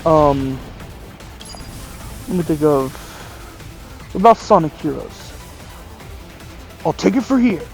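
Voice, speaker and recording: Male gaming host, slightly high voice, rambling and self-correcting, faint music behind. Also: very animated, moderate pace, long pauses, a little mellow. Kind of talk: casual chat about voice impressions.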